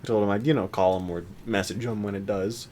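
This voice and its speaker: A man's voice: fairly low pitch, fairly even intonation, fast talker, darkish tone, slight background noise. A young man co-hosting a podcast in casual chat, laughing often and putting on voices when he quotes. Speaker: podcast co-host.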